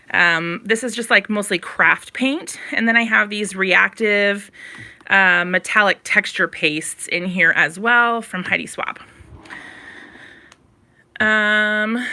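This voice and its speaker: A woman's voice: mid-range voice, gravelly, bright, forceful tone. A woman, chatting on a live stream as she tours her home craft room, slightly out of breath and rambling with fillers. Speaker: craft channel host.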